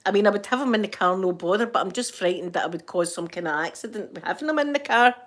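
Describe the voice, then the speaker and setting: A woman's voice: mid-range voice, expressive, fast talker. An older Scottish woman talking straight to camera from her home. She rambles happily in a mid-height voice and breaks into laughter often. Her tone stays homely and affectionate toward her viewers. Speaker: vlogger. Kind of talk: casual chat to camera.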